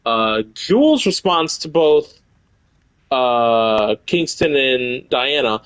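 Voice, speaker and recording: A young man streaming a video game, swearing excitably and reading in-game notes aloud. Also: mid-range voice, slow pace, clear, resonant tone, dry recording. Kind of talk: casual live gameplay commentary.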